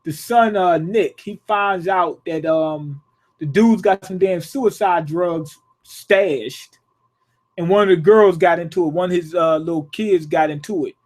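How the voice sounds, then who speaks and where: Male reviewer, high-pitched, profane, blunt off-the-cuff episode breakdown. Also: a little slow. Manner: profane, blunt, riffing with rhetorical questions. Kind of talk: casual rant-style recap.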